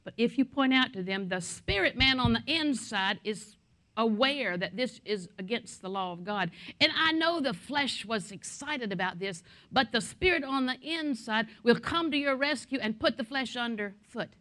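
A woman's voice: a little high, lively intonation, moderate pace, a bit bright. A middle-aged woman pastor preaching a sermon in a conversational way, with asides and anecdotes.

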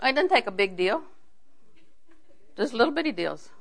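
A woman delivering a sermon with a somewhat high voice. She moves between teaching and homely stories, asking her listeners questions as she goes and laughing readily. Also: sing-song, normal speed, vocal fry. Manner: chatty storytelling, asks the audience questions, often laughs. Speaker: preacher. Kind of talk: sermon with humorous anecdotes.

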